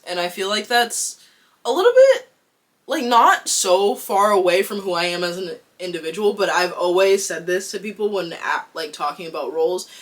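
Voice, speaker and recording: A young adult actor from Boston, with a Boston accent and a lowish voice, vlogs casually to camera. She is chatty, candid, and excitable, leaning heavily on "like."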